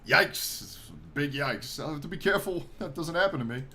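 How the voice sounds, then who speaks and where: A man's voice: a little high, normal speed. A young man hosting a gaming video, reading a text game aloud and joking as he reacts. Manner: animated, joking, reacts with laughter. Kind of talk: playing and commenting on a text game.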